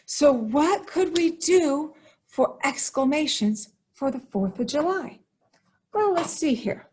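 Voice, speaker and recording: A woman teacher giving an upbeat writing lesson to young students, explaining slowly and stressing key words. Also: sits high, expressive, darkish tone.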